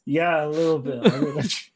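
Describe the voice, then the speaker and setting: A man's voice: on the high side, fairly even intonation, normal speed, a little mellow, slight background noise. A man, a player in the game, talking casually in a dazed, hesitant way. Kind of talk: casual chat.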